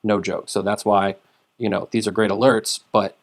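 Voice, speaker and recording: A man giving a casual screen-share tutorial, rambling with lots of fillers and repeated words, sometimes dropping into quiet mumbles. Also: fairly low pitch, little pitch movement, normal speed. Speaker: trading tutorial host.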